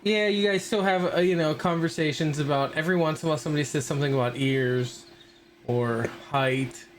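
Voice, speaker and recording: A man's voice: a little high, brisk, a little hiss or hum. Easygoing man running a tabletop game. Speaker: game master.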